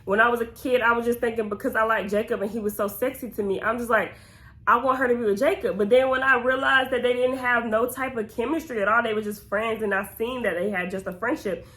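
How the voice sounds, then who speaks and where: A woman's voice: a little high, steady tone, fast talker, sharp tone. A young woman from Georgia with a Southern accent, chatting through a get-to-know-me Q&A in a rambling, easygoing way. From Georgia, USA. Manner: chatty and rambling, drifts off on tangents. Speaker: YouTuber. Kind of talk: casual Q&A vlog.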